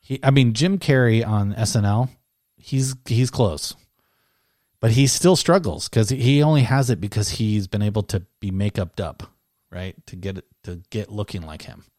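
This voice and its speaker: A man's voice: lowish voice, normal speed, a little mellow, no echo, clean studio sound. A man co-hosting a casual chat, reading headlines aloud with frequent laughs and mocking asides. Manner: laughs often, mocking, rambling. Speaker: co-host.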